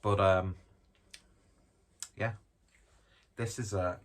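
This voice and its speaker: A deep, husky-voiced man talks through a beer tasting in loose, rambling chat. He cracks self-deprecating jokes and swears casually as he goes. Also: a little slow, fairly bright tone. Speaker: beer reviewer.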